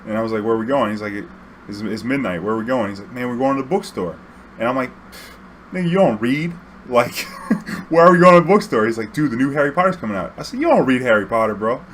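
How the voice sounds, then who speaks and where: A man's voice: medium pitch, expressive, quick pace, slight background noise. A young man casually telling a story to his viewers, rambling and profane, full of fillers and acted-out quotes. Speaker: YouTube storyteller.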